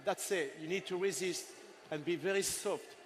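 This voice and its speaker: Chatty older male chef, higher voice. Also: normal speed, slight background noise. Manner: chatty and playful, teasing helpers and the audience. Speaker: chef giving a cooking masterclass. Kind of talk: live cooking demonstration. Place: festival stage in front of a live audience.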